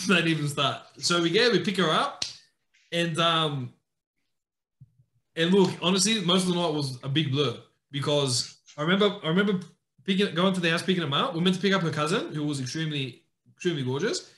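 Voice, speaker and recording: A man's voice: on the high side, fairly quick, echoey room. A man telling a story in casual chat on a podcast, acting out his friends' lines. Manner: animated, acts out friends' lines in raised voice. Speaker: podcast co-host.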